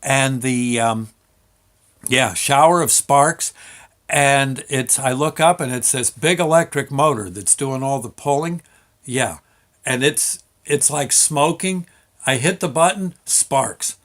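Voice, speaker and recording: A man's voice: mid-range voice, slow, fairly bright tone. A man telling a story from his working life in a casual, rambling way, full of fillers and restarts. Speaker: show host.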